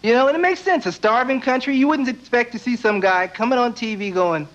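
A young man doing a stand-up comedy routine on a TV stage, with deadpan asides and quick silly voices. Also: extremely high pitch, a little hiss or hum. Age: young adult. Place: TV studio stage before live audience. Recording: dull VHS broadcast audio with loud audience.

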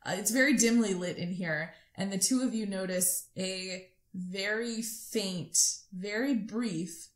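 A woman acting as game master, narrating a tabletop game in a soft-spoken, descriptive way. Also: medium pitch, unhurried, few pauses, echoey room.

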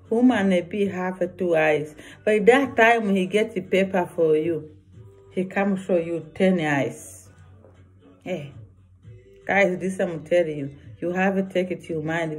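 Slow, earnest woman vlogger. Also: fairly low pitch, darkish tone. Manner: earnest, repetitive, broken English. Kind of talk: personal warning vlog.

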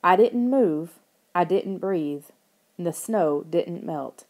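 A woman reading a story aloud as audiobook narration, in an expressive telling voice. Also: on the low side, slow pace. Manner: expressive reading, raises her voice for characters' lines.

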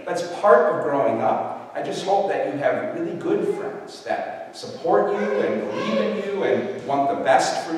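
Older priest preaching in an echoey church. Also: male voice, on the high side, a little hiss or hum. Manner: storytelling, warm anecdotal with restarts. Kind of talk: sermon. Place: large church. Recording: echoey church hall from a distance.

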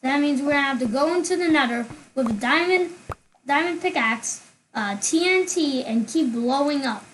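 A playful, teasing woman with a high voice talks casually over gameplay. The recording carries a clear hiss of background noise and scattered clicks. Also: expressive, normal speed, rough recording. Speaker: gamer.

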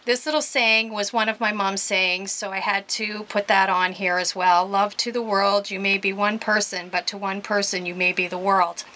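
Woman, middle-aged, from Canada, bright tone, casual anecdotes about her artwork. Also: mid-range voice, little pitch movement, normal speed, hardly any pauses. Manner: warm storytelling with laughs. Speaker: crafter showing her artwork. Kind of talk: casual chat.

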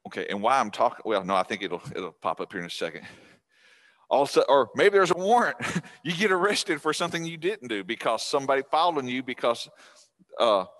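A man's voice: medium pitch, lively intonation, brisk, fairly bright tone. A middle-aged man giving a casual, folksy talk to a class of seniors, chatty with restarts. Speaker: guest speaker on scam prevention.

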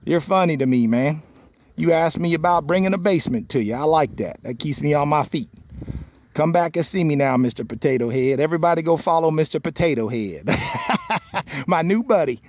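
A man's voice: fairly high pitch, expressive, fairly quick, darkish tone. A man hosting a casual live stream as a cabin salesman, playfully teasing a viewer, laughing often and repeating himself, with folksy sign-offs.

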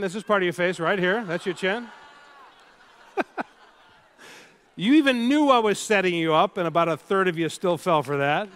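Animated high-voiced man giving a keynote. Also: clear, resonant tone. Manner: storytelling, animated, addresses the crowd directly. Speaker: keynote speaker. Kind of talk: keynote speech to a live audience. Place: large hall with live audience.

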